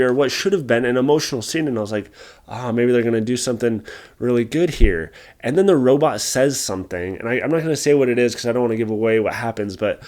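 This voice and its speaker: A young man giving a casual spoken movie review, exasperated, rambling, and swearing often. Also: mid-range voice. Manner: animated, rambling with restarts.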